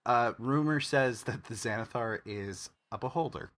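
A man narrating a tabletop role-playing game as game master, explaining rules and the story in a measured way. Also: medium pitch, a bit bright.

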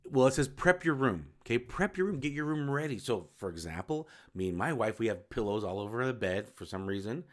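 Very animated and moderately paced, this man's mid-range voice carries his own podcast. He chats informally, rambling slightly while restarting and correcting himself along the way.

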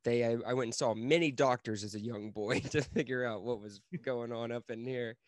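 Young male podcast co-host, brash and sweary, mid-pitched, dry close sound. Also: steady tone, moderate pace, dry recording. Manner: brash, swears a lot, laughs often. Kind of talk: casual profane chat.

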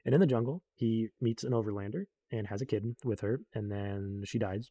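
Young man for a rambling casual recap, husky mellow voice, dry close sound, lots of ums and animated quoting. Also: on the low side, a little fast, dry recording. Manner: rambling, full of fillers, animated quoting of characters. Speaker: book recap vlogger.

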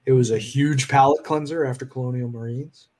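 Man, slightly husky, thoughtful, hesitant, casual gaming chat. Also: mid-range voice, fairly even intonation, a little fast, a little mellow. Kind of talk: casual game discussion chat.

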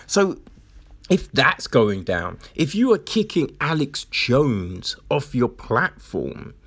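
A blunt, foul-mouthed commentator rants at an unhurried pace, leaning on slang and fillers. The pitch swings widely and expressively, and excuses get mocked in acted-out quotes. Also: husky. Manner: incredulous, mocks with acted-out quotes. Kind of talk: ranting commentary.

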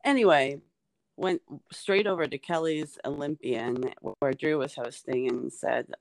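A woman's voice: a bass voice, moderate pace, creaky, dry recording. A woman comedian talking in a casual podcast chat, rambling with many fillers like "like" and "um". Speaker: stand-up comedian, guest.

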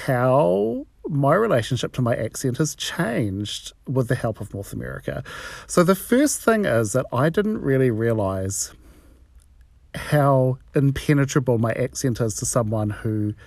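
A man's voice: mid-range voice, gravelly, darkish tone, no room sound, clean studio sound. A man from New Zealand with a New Zealand accent, telling a personal story in a profane, frank and wry way.

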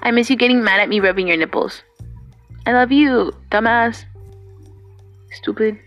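A woman's voice: fairly high pitch, normal speed, a bit bright. Young woman venting to her partner on camera, swears a lot, drops in spanish words, faint music in the back. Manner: profane, rambling, mixes in Spanish words. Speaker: vlogger addressing her partner. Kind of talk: personal video message.

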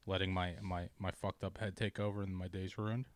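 A man in casual chat, ranting profanely about his bad day, dropping to mumbles and then yelling. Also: low-pitched, level tone, a little fast, slight background noise.

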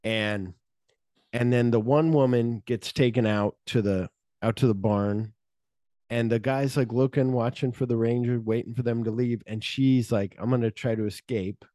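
Swearing, animated podcast guy. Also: mid-range voice, normal speed, dry recording, studio quality. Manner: animated, acts out scenes with swearing. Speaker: podcast co-host. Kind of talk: casual movie chat.

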